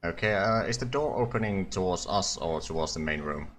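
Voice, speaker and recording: A man's voice: low voice, lively intonation, brisk, a bit bright. A man playing a tabletop game, talking hesitantly and thinking aloud. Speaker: player. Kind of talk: casual tabletop play.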